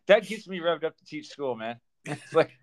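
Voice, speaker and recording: A man's voice: a little high, moderate pace. A young man co-hosting a podcast, chatting casually and laughing often. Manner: laughs often, animated storytelling. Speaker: podcast co-host. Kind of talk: casual chat.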